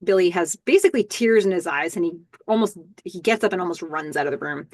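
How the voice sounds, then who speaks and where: A chatty woman hosts a casual recap podcast with a slightly low voice. She walks through each scene step by step, dropping in little fillers as she goes. The sound is dry and close, with no room around it. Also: expressive, quick pace, a little mellow, no echo. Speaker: podcast host.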